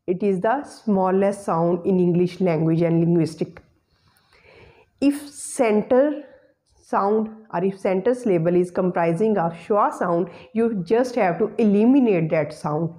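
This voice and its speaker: Woman teaching pronunciation, mellow voice. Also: mid-range voice. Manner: repeats example words slowly and carefully; formal teacherly address. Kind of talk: spoken English lesson.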